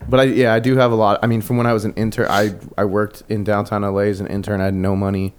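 A young man trades stories with a friend on a casual podcast, swearing freely. His voice sits a little low, and he acts out the people in his stories as he tells them. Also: fast talker, smooth. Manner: swearing, animated storyteller who acts out shouted quotes. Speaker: podcast co-host. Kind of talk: casual storytelling chat.

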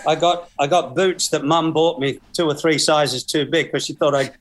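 An Australian man in his sixties, speaking a touch higher than most men. He tells a long, rambling story and keeps breaking into chuckles. He sounds like he is on a video call. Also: fairly even intonation, normal speed, noisy background. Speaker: guest. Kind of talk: casual storytelling.

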